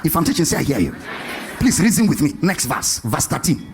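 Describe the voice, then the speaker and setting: A man preaching with a high, bright voice that leaps up and down. He questions his listeners and stretches key phrases into a sing-song. Faint music sits under his voice. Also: a little fast. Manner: animated, questioning the congregation, sing-song emphasis. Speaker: pastor. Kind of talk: sermon.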